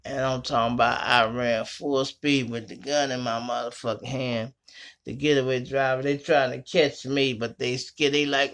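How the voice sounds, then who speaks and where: Bright-voiced man telling street stories. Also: medium pitch, normal speed. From Chicago. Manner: profane, slangy, animated retelling. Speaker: host. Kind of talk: casual storytelling monologue. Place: small home studio.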